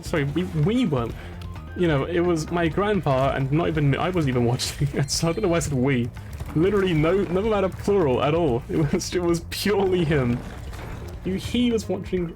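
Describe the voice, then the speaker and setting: Rambling, laughing gaming streamer. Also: male voice, on the high side. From England. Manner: rambling and animated, laughs often, many restarts. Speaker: game streamer. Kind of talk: casual gaming commentary.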